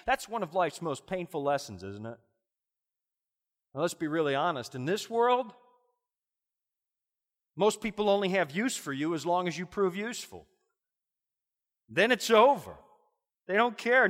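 A man's voice: sits high, big pitch swings, a little slow, pauses often, fairly bright tone, big-room sound. A man preaching a sermon, telling the story dramatically and addressing the listeners directly.

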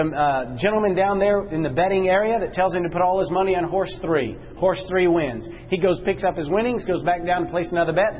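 Bible class teacher, man, higher voice, quizzes the room, slows down for emphasis; muffled recording. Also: slight background noise. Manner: questions the class, slows and drops low for emphasis.

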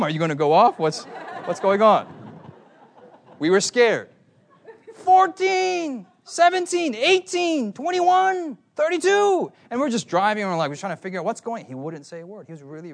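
Animated man preaching a sermon. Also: fairly high pitch, quick pace. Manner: animated storytelling, asks the crowd questions.

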